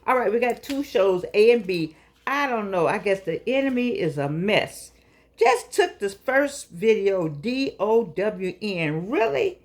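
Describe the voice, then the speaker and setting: A woman's voice: medium pitch, sing-song, a little slow. An older woman hosting her own show, talking to her audience in a fussing, encouraging, preachy way. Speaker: show host. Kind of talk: casual talk to camera.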